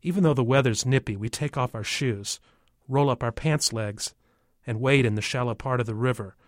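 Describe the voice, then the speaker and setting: A man calmly narrating a first-person story from a child's view. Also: mid-range voice, moderate pace, no room sound, studio quality. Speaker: audiobook narrator.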